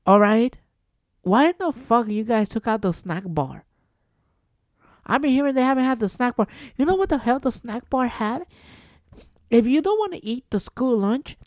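Rhetorical questions fly as this exasperated solo podcast host from New Jersey swears through a casual rant. His high-sitting voice has a darkish tone, and the studio-quality sound has no echo.

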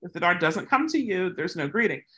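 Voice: sing-song, fairly quick, pushed and bright. A dog trainer giving casual training tips mixed with anecdotes, talking in a chatty way and acting out the people in the stories. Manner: chatty, acts out quoted people with big pitch jumps.

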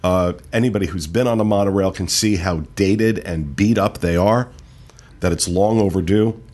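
A man hosting a casual podcast, reading out park news in a relaxed way with many fillers. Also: low-pitched, normal speed. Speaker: podcast host. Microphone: studio mic.

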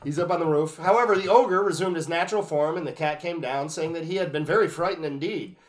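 A young man with a high voice hosts a casual comedy podcast. He reads a fairy tale aloud, laughs a lot, and breaks in with crude jokes. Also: quick pace. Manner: laughs often, crude joking.

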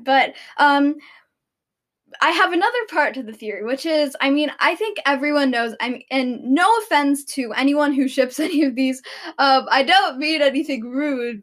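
Teen girl vlogger w a high voice, rambly chat, lots of um and like. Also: fairly bright tone. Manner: rambling, many fillers and restarts. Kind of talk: casual chat.

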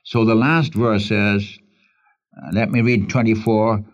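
A man's voice: on the low side, steady tone, unhurried, dull audio. A man teaching the Bible in an earnest radio sermon, repeating phrases for emphasis and calling the listener friend.

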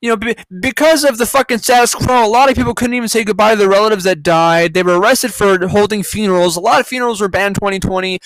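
A podcast host reading headlines aloud in solo commentary, breaking off into profane, sarcastic, mocking asides. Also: male voice, sits high, steady tone, fast, hardly any pauses, a bit bright, dry recording.

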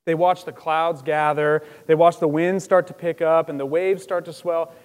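A man with a high voice preaches a casual, animated sermon. He acts out quotes with sudden loud outbursts. His voice carries a long reverb from the church hall around him. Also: normal speed, smooth. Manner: lively, conversational, acts out quotes with loud bursts. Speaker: pastor.

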